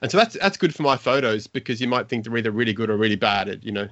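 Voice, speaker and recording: A man's voice: medium pitch, very fast, a bit bright, dry recording, highs cut off. An Australian man chatting casually on a podcast, laid-back and slangy. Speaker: podcast guest. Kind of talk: casual chat.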